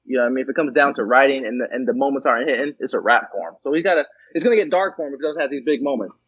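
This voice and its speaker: Laughing husky-voiced man, muffled audio. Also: medium pitch, rapid-fire. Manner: laughs often, swears freely. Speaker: guest battle rapper. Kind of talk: casual chat.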